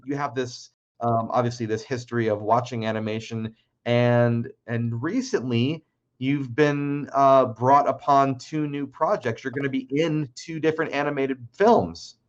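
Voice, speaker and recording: A man's voice: medium pitch, measured pace, dull audio. A man hosting an interview, asking questions in a friendly, conversational way. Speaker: host, interviewer. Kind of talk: casual interview over video call.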